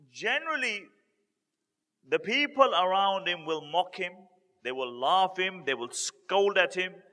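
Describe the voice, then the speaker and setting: A man giving a religious talk as a story, repeating key points for emphasis and building to lively retellings. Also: high-pitched, in a large hall. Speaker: Islamic preacher.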